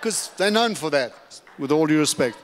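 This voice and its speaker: A middle-aged man from Africa giving a sermon testimony as a guest preacher, telling his story in an animated, humorous way. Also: fairly high pitch, moderate pace. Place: church sanctuary. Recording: long reverb of a church hall.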